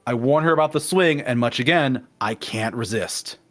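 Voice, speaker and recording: A man with a mid-range voice at normal speed chats casually with a friend as a guest in a game discussion, soft music playing behind him. He retells his playthrough at length as an animated storyteller, slipping into characters' voices for quotes before returning to plain narration.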